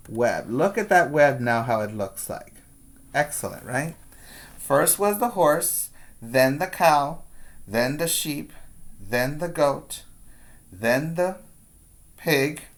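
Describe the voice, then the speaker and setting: A man's voice: mid-range voice, a bit bright. A male preschool teacher reading a picture book aloud to young children, patiently pointing out the pictures and asking them questions.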